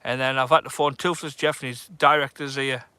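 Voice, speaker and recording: A man's voice: mid-range voice, fairly even intonation, brisk, bright, forceful tone, no room sound. A man live-streaming outdoors at night, chatting casually to viewers. He talks in a nervous, jokey way as he reads out their comments. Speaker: fishing vlogger streaming live. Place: outdoors on a dark shore at night. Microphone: phone or camera on a tripod.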